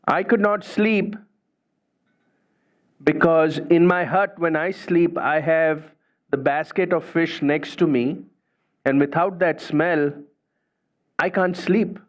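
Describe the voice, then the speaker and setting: A man's voice: a little high, slow pace, long pauses. A man doing a stubborn poor old woman. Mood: insistent. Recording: dull lo-fi recording.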